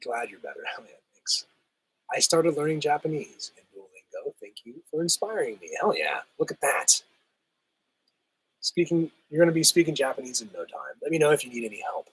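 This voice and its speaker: Chill husky guy on a livestream, bit rough from a cold, chatty and laughing, reading out chat. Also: on the high side, animated, normal speed, a bit bright, rough recording. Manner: laid-back, chatty, laughs often, says "hell yeah".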